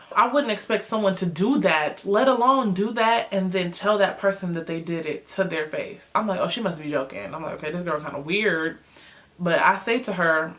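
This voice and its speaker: A young woman vlogger telling a story in a casual, chatty way, with lots of fillers, jumping high in pitch when she acts out what people said. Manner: animated, acts out quotes with big pitch jumps.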